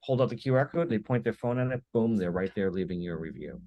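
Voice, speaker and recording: A man speaking as a podcast guest in a slightly low voice. He tells his stories with animation and slips into quick acted-out snippets of dialogue. The sound is dry and close, with no room around it. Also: no echo, lo-fi sound. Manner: animated storyteller who acts out little dialogues. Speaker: podcast guest, business owner. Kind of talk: casual conversation.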